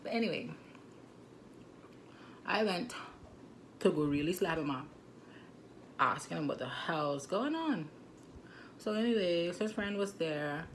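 A woman in her twenties with a Turks and Caicos Islands accent telling a storytime vlog, animated and indignant, with frequent asides, on a phone camera mic. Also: on the low side, unhurried, long pauses, slight background noise. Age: 20s. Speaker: vlogger.

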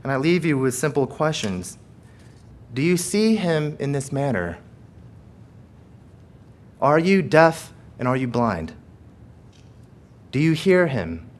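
A pastor preaching a sermon with emphatic repetition and rhetorical questions, swinging between forceful passages and hushed prayer. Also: male voice, medium pitch, very animated, slow, long pauses. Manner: emphatic preaching, rising loud then dropping to hushed prayer; repeats phrases and asks rhetorical questions.

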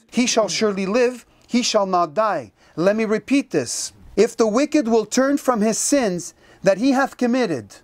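A Bible teacher speaks at a mid-range pitch, pressing points home with emphasis. They keep calling listeners to turn to a verse, read it out, then ask and answer their own questions. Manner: directs listeners to turn to verses and reads scripture aloud.

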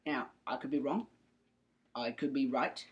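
A woman's voice: very deep voice, measured pace, muffled recording. A young woman presenting a comedic mock-science skit, rambling and mock-serious with playful asides. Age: young adult.

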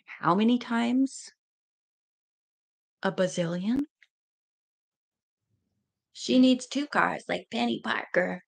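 A woman's voice: fairly high pitch, takes it slowly, creaky, long pauses. A woman reading a mystery novel aloud, with chatty asides between passages. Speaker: reader.

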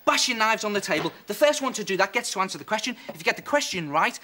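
Cheeky quizmaster man, high voice. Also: very animated, fast talker, crowd noise. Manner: cheeky, jokey quizmaster patter. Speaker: quiz host. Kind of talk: live kids' TV game. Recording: noisy live broadcast.

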